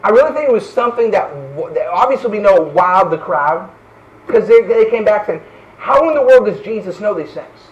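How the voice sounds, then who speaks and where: Fervent preacher, high voice. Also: male voice, expressive, fairly quick, far from the mic, highs cut off. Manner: fervent preaching, frequent "right?" asides. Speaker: pastor. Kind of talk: sermon.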